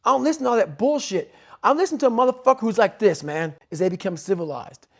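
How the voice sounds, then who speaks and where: A middle-aged man giving a blunt, profane motivational talk, swinging between low growls and shouted bursts. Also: expressive, fast talker, no echo, studio quality. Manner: blunt, swearing constantly, fired-up. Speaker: motivational speaker. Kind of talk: intense profane monologue.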